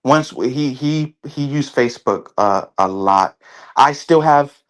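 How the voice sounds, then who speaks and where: A man speaking as an interview guest in casual conversation, halting often and restarting his sentences. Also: mid-range voice, lively intonation. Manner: halting, with many restarts and fillers.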